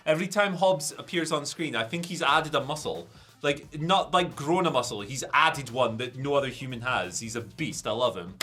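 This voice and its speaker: A man's voice: mid-range voice, moderate pace, sharp tone, breathy edge. A man co-hosting a wrestling news show, reacting playfully and laughing through casual banter.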